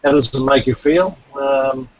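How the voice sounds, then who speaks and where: A man in an online class, answering slowly and hesitantly with many fillers. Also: mid-range voice. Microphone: video call. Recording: muffled call audio with faint noise.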